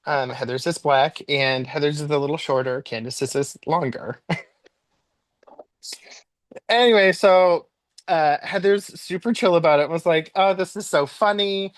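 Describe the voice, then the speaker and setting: A man telling a funny story as a podcast guest, chatty and animated, his voice leaping up as he relives his own panic. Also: unhurried, long pauses, dry recording. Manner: animated, jumps high in pitch when replaying his own panic; chatty with frequent likes and ums. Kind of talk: casual storytelling.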